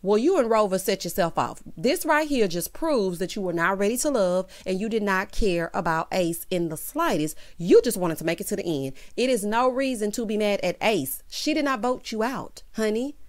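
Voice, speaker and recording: A woman giving a casual, sassy recap of a reality dating show, talking often to her viewers and jumping high in pitch to stress a point. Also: moderate pace, hardly any pauses. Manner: sassy, animated, peppered with "child" and "honey"; swoops high in pitch for emphasis. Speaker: TV recap vlogger.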